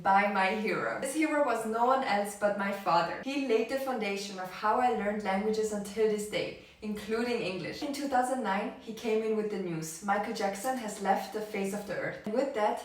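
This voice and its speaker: A woman's voice: mid-range voice, moderate pace, hardly any pauses, recorded from a distance. German-native woman in a very echoey room. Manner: storytelling with rhetorical questions. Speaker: language-learning vlogger. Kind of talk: scripted vlog narration.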